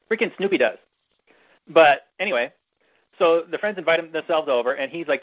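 A man's voice: medium pitch, dull audio. A man hosting a podcast, recapping a movie in a rambling, chatty and irreverent way. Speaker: podcast host. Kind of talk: casual chat, movie recap.

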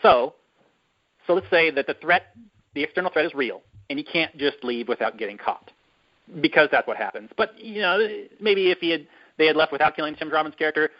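A man hosting a casual chat, telling a long story in a rambling, drawn-out way with many fillers. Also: fairly high pitch, lively intonation. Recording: dull lo-fi recording.

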